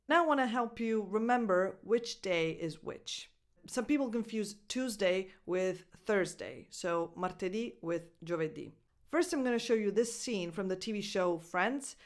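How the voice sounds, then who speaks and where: Slow, careful woman English coach. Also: medium pitch. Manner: slow, exaggerated word-by-word modelling. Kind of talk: pronunciation lesson.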